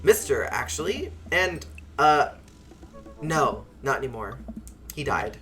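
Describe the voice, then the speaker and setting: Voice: mid-range voice, very animated, takes it slowly, bright, forceful tone, faint music behind, full character voice. A streamer voicing an awkward, self-deprecating single dad in a dating game. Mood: wry.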